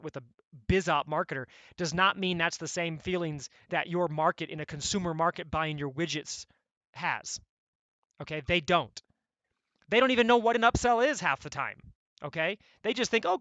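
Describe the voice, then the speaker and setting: A man coaching members on online sales funnels, talking in an energetic, blunt, conversational way and often checking in with "right?". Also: a little high, no room sound, muffled recording. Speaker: e-commerce coach.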